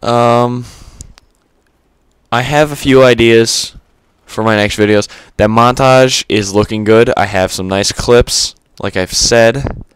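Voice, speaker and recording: A man's voice: mid-range voice, takes it slowly, smooth, no echo. A man giving unscripted gameplay commentary, rambling and stuttery with lots of fillers and casual swearing. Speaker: gaming commentator.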